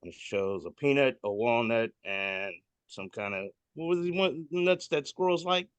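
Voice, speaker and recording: A man's voice: medium pitch, lively intonation, normal speed, clean tone, dry recording. Joking man hosting a meme podcast. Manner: joking, irreverent. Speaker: podcast host. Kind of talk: casual chat describing memes. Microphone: video call.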